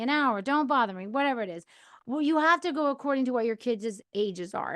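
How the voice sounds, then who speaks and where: A woman's voice: on the high side, no room sound, studio quality. A middle-aged woman hosting a podcast, giving casual, encouraging advice straight to the listener. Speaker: podcast host.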